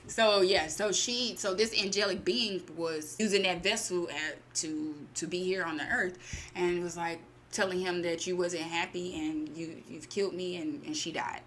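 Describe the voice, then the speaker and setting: A woman casually retelling a short story to her channel, acting out the characters' lines with lively bursts. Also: fairly low pitch, normal speed, a little hiss or hum. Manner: animated, acts out character lines. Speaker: storytelling host.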